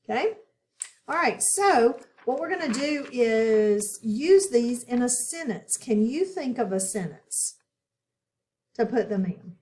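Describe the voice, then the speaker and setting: A woman's voice: fairly high pitch, lively intonation, slow pace, darkish tone, echoey room. A woman teaching a phonics lesson step by step, checking in often with "okay?" as she walks through a worksheet. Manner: patient, step-by-step instruction with frequent "okay?" check-ins.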